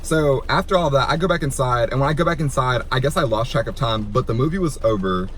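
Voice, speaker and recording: A man's voice: medium pitch, quick pace, a bit bright. A man in his twenties telling a dramatic personal story in a chatty vlog style, full of "like" and acted-out quotes. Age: 20s. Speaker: YouTuber. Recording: noisy room.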